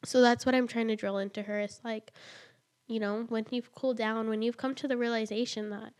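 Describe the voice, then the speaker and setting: A woman in her twenties with a slightly raised pitch talks as a guest on a casual podcast. She speaks earnestly and chattily, filling her sentences with "like" and "you know". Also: fairly even intonation, a little fast, a little mellow, clean tone. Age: 20s. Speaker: podcast guest, young mother.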